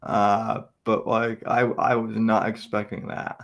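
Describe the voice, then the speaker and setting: A man's voice: on the low side, flat delivery, takes it slowly, vocal fry, highs cut off. A man co-hosting a podcast, chatting casually and often restarting his sentences. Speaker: podcast co-host.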